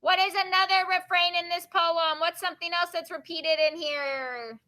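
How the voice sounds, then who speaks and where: A woman teacher reading poems aloud to her class and quizzing her students with quick questions. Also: extremely high pitch, steady tone, bright, forceful tone.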